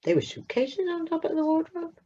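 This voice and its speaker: A woman narrating a children's story in a slow, expressive way with dramatic pauses. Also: very high voice. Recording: muffled lo-fi recording.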